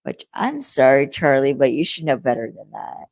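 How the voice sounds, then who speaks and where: A woman's voice: a bass voice, very animated, normal speed, darkish tone, dry recording, poor audio. A young woman co-hosting a podcast, retelling a TV episode's plot in a rambling, chatty way with frequent fillers. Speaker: podcast co-host. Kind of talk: casual episode recap chat.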